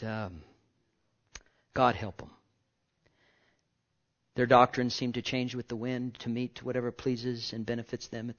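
A man preaching a sermon as pastor, impassioned, moving from loud outbursts to hushed whispers. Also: medium pitch, highs cut off.

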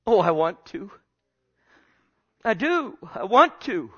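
Higher-voiced male pastor preaching. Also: highs cut off. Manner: preaching with sudden swings in loudness, repeating phrases; asks the congregation direct questions. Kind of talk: sermon.

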